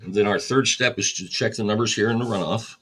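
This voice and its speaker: A man's voice: fairly low pitch, fast, fairly bright tone, husky. A man hosting a record store livestream, casually explaining each step while he catalogs vinyl. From United States.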